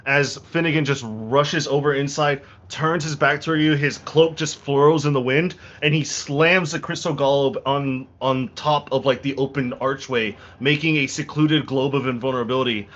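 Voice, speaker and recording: A man running a tabletop game as game master, narrating dramatically and slowing down for effect, with frequent restarts. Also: medium pitch, fairly even intonation, a bit bright. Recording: dull lo-fi recording, faint music.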